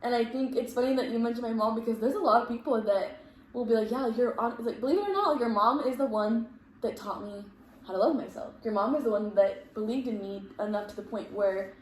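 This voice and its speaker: A woman's voice: fairly high pitch, fairly quick. A woman hosting a casual chat podcast who talks in an earnest, reflective way and fills her sentences with "like". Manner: earnest, reflective, leans heavily on "like". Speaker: podcast host. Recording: roomy echo with faint background noise.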